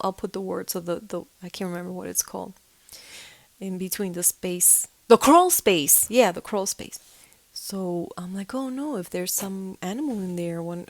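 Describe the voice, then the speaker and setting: A woman telling a spooky personal story in a casual, animated way, acting out sounds and slipping into whispers when things get tense. The sound is dry and close, with no room around her voice. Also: mid-range voice, vocal fry, no echo. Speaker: storyteller of a ghostly experience.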